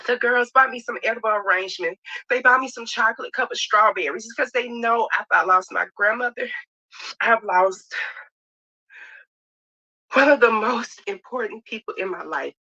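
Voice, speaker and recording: A middle-aged woman telling a personal story in an emphatic, rapid, heartfelt way. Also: fairly high pitch, pushed and bright. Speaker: reality show cast member. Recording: dull lo-fi clip audio.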